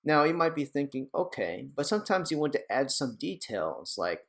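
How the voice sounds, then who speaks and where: A young man talks through a software tutorial in a loose, chatty way, wandering off into small asides and jokes about his own slip-ups. His voice sits at an ordinary middle pitch for a man. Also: big pitch swings, normal speed, vocal fry, hardly any pauses. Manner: chatty, rambling, self-deprecating asides. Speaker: tech tutorial host. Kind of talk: casual screen-recorded tutorial.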